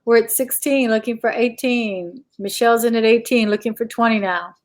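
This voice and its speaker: A woman with a fairly high voice co-hosts a live online jewelry auction. She calls out the current bid and the next asking price in a relaxed, easygoing way. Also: moderate pace. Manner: casual, calls out bid amounts and going once, going twice. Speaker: auction co-host.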